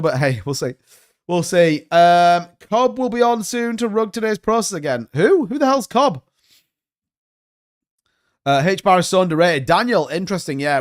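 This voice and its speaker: A young man hosting a crypto live stream, talking casually and rambling with jokey asides to his chat. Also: fairly high pitch. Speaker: crypto livestream host.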